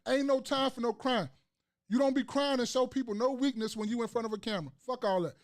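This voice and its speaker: High-voiced man ranting fast and loud. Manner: loud, emphatic ranting with slang and profanity; repeats phrases for emphasis. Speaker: podcast host. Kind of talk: casual chat.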